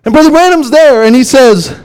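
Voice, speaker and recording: A man's voice: extremely high pitch, brisk, a little mellow, clean tone. A man preaching a sermon with an impassioned, repetitive cadence. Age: adult with young sons.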